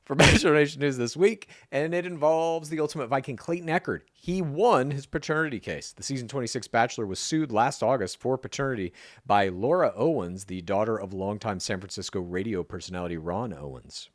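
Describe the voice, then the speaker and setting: A man co-hosting a podcast, recapping entertainment news in a wry, animated way. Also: mid-range voice, a little fast, no room sound, studio quality. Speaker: podcast co-host. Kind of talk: casual news recap chat.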